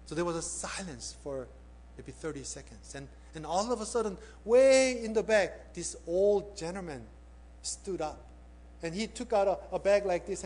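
A male pastor preaching with a fairly high voice. He builds to emphatic peaks, then drops to hushed, direct appeals. His questions go straight to the congregation. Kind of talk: sermon with storytelling.

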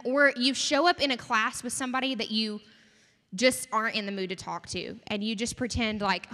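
A young woman preaches in a chatty, animated way, often turning to the audience with questions. Her voice sits a little high, and a long reverb trails each phrase as if she is in a large hall. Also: fast. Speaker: campus ministry speaker. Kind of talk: sermon.

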